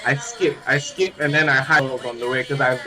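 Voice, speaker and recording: A man's voice: medium pitch, fairly even intonation, a little fast, music in the background. A man playing a tabletop wrestling game, eagerly describing his character's moves in first person. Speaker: player. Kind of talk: casual role-play chat.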